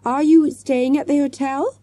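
A woman's voice: sits high, steady tone, measured pace, mellow, no echo, pitched above the performer's own voice. A woman doing a hearty, jolly schoolteacher. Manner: hearty and polite. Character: jolly, polite male schoolteacher on a trip.

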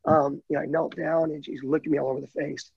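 Heartfelt man, husky and gravelly, dry dull lo-fi call sound, higher voice. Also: flat delivery, fast, no echo. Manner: heartfelt, candid, chokes up at times. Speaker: guide dog client telling his story. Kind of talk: emotional interview storytelling.

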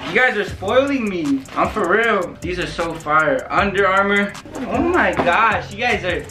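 Excited young man over background music. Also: high-pitched, a little slow. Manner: excited, slangy, thankful. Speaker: YouTuber. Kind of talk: unboxing vlog. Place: home. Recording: music playing under the voice.

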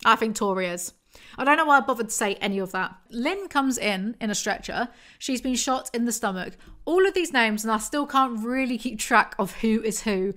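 A woman's voice: a little high, expressive, moderate pace, a bit bright. A young woman reading a novel aloud and breaking off into sarcastic, exasperated commentary. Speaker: book reviewer.

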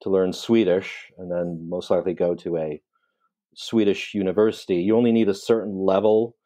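A man's voice: deep voice, steady tone, normal speed, dark tone. A middle-aged man chatting casually as a guest on a call, wry and rambling. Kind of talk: casual chat.

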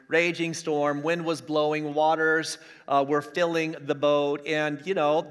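A middle-aged pastor preaches with a somewhat high voice, pressing each point and repeating it for emphasis. His words ring out with a long hall reverb, as in a big church room. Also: flat delivery, moderate pace, hardly any pauses, a bit bright, clear, resonant tone. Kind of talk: sermon. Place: church streaming an online service.

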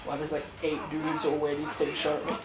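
A man's voice: fairly high pitch, monotone, fast. A young man with an Australian accent, dry and sarcastic, swearing his way through casual gaming chat. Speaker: co-player. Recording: roomy room with noise.

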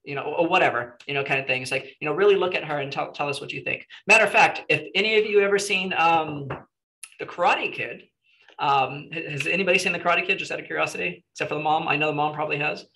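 A man's voice: on the high side, fast, pushed and bright, low-quality recording. A man teaching a casual screenwriting workshop to a small group, chatty and encouraging with lots of "you know"s.

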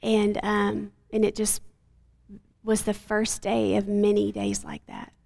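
A woman in her forties, a guest mother recounting a painful hospital ordeal in an earnest, halting way with many fillers. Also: mid-range voice, completely flat delivery, gravelly, a little mellow. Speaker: guest, mother of a sick child. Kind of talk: emotional personal testimony in an interview.

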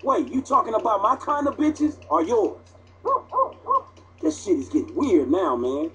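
A man's voice: high voice, sing-song, measured pace, a bit bright, slight background noise, exaggerated voice. An actor voicing a wry, streetwise young man in a video game, who sounds profane and incredulous.

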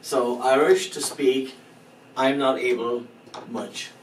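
A man's voice: mid-range voice, fairly even intonation, slow pace, far from the mic. A man giving an informal language lesson, who explains patiently, repeats each phrase and spells out words letter by letter. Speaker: language teacher. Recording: echoey room, voice from off-mic, faint background hum.

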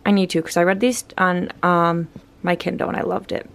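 Her voice is lowish, level in tone, creaky and a little fast as she vlogs breathlessly. The young woman, in her twenties, sounds upbeat and casual and uses plenty of fillers. She records first from her car, then at home near a bookshelf.

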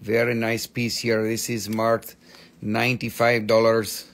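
Gravelly man hawking stones live. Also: on the low side, completely flat delivery, a little slow, a bit bright. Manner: joking patter in playful broken English. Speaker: seller on a live shop stream. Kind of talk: live sales pitch.

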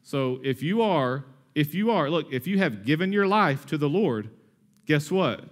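A man in his thirties preaches to his church with a fairly high voice. He talks energetically and conversationally. He slips in humorous asides along the way. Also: expressive, measured pace. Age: 30s. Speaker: pastor. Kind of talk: sermon.

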